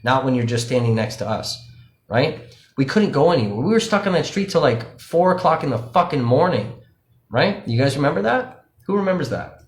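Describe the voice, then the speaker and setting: A man in mid-range pitch talks straight to his viewers in a loose, cursing, conversational way. He keeps checking in with them as he explains. The room around him rings with a noticeable echo. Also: lively intonation, fairly quick. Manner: profane, conversational, addresses viewers directly. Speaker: independent livestream journalist. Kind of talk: casual explanatory talk to viewers. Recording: roomy echo.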